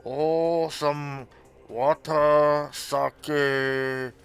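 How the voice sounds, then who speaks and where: A man's voice: a little high, flat delivery, very slow, smooth, soft background music, pitched above the performer's own voice. A man voicing a fussy old male sake merchant who speaks in short, clipped phrases. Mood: curt. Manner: curt, clipped shopkeeper phrasing.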